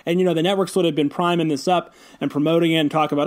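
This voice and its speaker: A man's voice: fairly high pitch, fairly even intonation, very fast. A man co-hosting a podcast in casual chat, rambling and thinking aloud, often checking for agreement. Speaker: podcast co-host.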